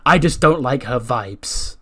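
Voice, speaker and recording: A man's voice: medium pitch, expressive, a little slow, fairly bright tone. A man voicing a brash, self-obsessed female wrestler who plays detective and bosses her partner around. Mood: bossy. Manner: bossy, keeps calling her partner a nickname.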